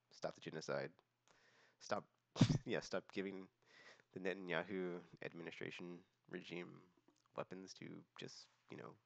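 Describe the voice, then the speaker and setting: A man's voice: sits low, vocal fry, fairly bright tone, no echo, dull audio. A young man hosting a casual monthly vlog, rambling with many fillers and restarts. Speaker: vlog host.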